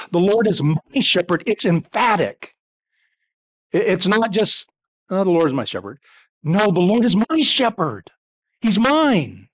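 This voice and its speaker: Male pastor, high voice, emphatic sermon delivery with repeated building phrases. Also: fairly bright tone.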